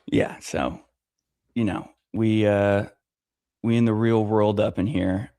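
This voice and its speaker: A man's voice: on the low side, steady tone, slow, mellow, dry recording. A man co-hosting a live podcast in casual chat, tossing in dry, sarcastic quips. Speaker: podcast co-host.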